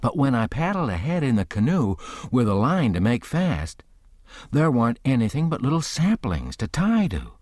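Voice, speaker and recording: A man's voice: medium pitch, huge pitch swings, normal speed, darkish tone, dry recording, clean studio sound. A man narrating an audiobook in the first person, telling the story in a folksy rural dialect.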